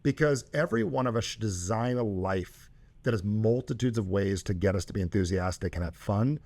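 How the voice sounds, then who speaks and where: A man hosting a show and coaching a caller, talking emphatically with loud, high bursts. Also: lively intonation, a little fast, creaky. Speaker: host and coach.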